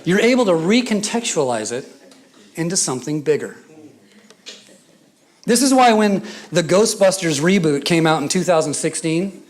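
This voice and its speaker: A man with a Scottish accent preaching a sermon, mixing scripture with humorous stories and hushed asides. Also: a little high, lively intonation, normal speed, pauses often. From Scotland. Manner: storytelling with humor, drops to a whisper for emphasis.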